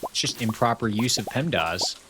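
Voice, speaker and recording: A man's voice: medium pitch, animated, normal speed, music in the background. A man streaming live, bantering with his chat in a playful, mock-serious way.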